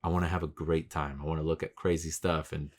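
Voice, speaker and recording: A man in his thirties with a low, deep voice, hosting a solo podcast in a loose, rambling way. He swears freely, talks in slang, and gets loud and worked up when he rants. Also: little pitch movement, fast. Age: 30s. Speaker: podcast host. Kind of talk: casual solo podcast monologue.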